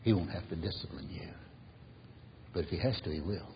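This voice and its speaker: A man preaching a sermon as pastor, earnestly, rising loud and then falling to a near whisper. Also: sits low, fairly quick, a little hiss or hum. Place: church sanctuary. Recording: dull reverberant church recording.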